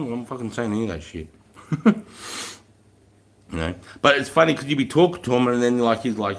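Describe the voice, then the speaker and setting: A man's voice: medium pitch, expressive, fairly quick, pauses often. An Australian man in his thirties, chatting casually on a livestream, telling rambling stories and swearing freely. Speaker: livestream guest. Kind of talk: casual chat.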